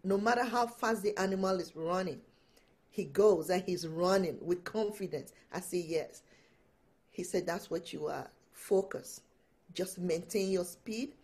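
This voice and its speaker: A woman guest and empowerment coach, telling personal stories with animated delivery and frequent laughter. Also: lowish voice, normal speed. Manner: animated storytelling, laughs often. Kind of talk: storytelling in an interview.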